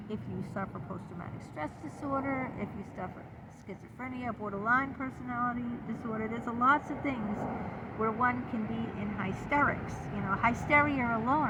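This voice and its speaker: Middle-aged woman vlogging outdoors near traffic. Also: mid-range voice. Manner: candid and rambling, with many fillers. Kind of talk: casual personal talk to camera. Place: public spot outdoors.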